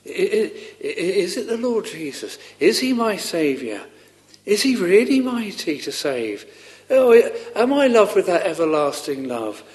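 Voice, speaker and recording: A man preaching a sermon in an earnest, halting way, often repeating words as he restarts, rising fervently on pleading questions. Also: sits high, sing-song.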